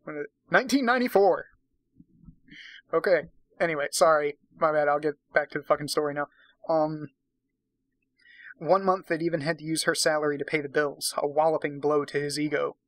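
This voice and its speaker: A man's voice: a little high, flat delivery, fairly quick, fairly bright tone, dry recording. A man giving a drunken dramatic reading of a romance novel, breaking off for profane, sarcastic asides. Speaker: reader and commentator.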